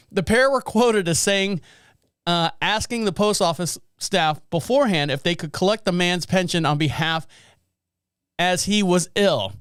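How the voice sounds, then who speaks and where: Male podcast host, high smooth voice, dry close sound, sarcastic rambling news riffs. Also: fairly bright tone, no room sound. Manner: sarcastic, rambling, laughs at own jokes. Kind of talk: casual news commentary.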